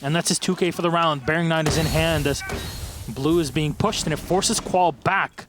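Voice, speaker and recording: A man casting an esports match who jokes with his partner and surges into fast, excited play-by-play calls. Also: on the high side, noisy background. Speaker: esports caster. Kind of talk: play-by-play commentary.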